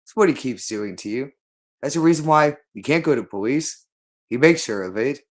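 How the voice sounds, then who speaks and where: A man's voice: medium pitch, animated, moderate pace. Man talking in a repetitive, insistent way. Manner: repetitive, insistent, addresses listener directly. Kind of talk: rambling spoken monologue.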